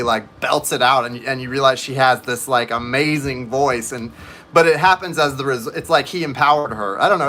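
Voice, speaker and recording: Bright-voiced chatty male tarot reader. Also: medium pitch, slight background noise. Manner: chatty, rambling, talks to viewers in the chat. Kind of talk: live-stream tarot reading chat.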